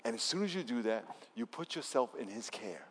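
A man's voice: medium pitch, big pitch swings, a little fast, breathy edge, in a large hall. A man preaching a sermon as pastor at a church service, talking conversationally and emphatically and leading the congregation in call-and-response.

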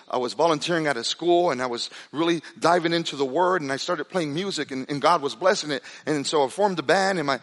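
A man preaching a sermon as pastor, telling a story with animated delivery that drops to a hushed, intense tone. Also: a little high. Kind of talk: sermon with storytelling and altar call. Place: church sanctuary. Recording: reverberant hall with soft music behind.

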